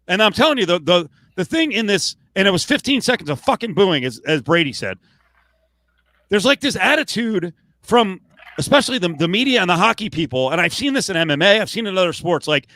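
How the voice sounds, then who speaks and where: A man's voice: sits high, sing-song, quick pace, bright, forceful tone, no echo. A man co-hosting a late-night sports podcast, ranting with heated, profane outbursts. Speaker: podcast co-host.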